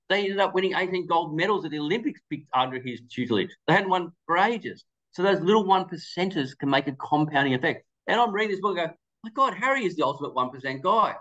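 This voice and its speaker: Fast-talking man telling stories. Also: on the high side, muffled recording. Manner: animated anecdotal storytelling with quoted dialogue. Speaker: webinar presenter. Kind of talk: storytelling presentation.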